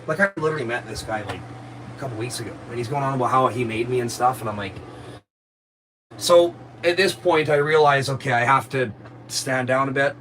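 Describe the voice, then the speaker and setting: A man's voice: mid-range voice, fairly quick, fairly bright tone, slight background noise, poor audio. Profane man venting to viewers. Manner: profane, rambling, aggrieved. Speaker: live streamer. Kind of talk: casual storytelling to viewers.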